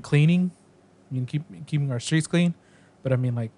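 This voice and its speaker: A laid-back man on a podcast who chats casually and leans on fillers. His voice sits a little high for a man. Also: normal speed, mellow. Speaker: podcast co-host. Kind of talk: casual chat.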